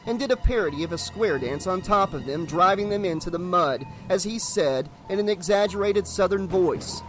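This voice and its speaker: A man narrating a horror novel as an audiobook, steady and dramatic. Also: high voice, moderate pace, few pauses, soft background music.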